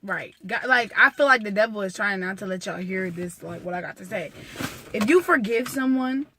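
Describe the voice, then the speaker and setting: Young woman vlogging over loud car noise. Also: medium pitch, lively intonation, moderate pace. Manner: earnest, heartfelt, rambling with many fillers. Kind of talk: candid personal vlog talk. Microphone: phone.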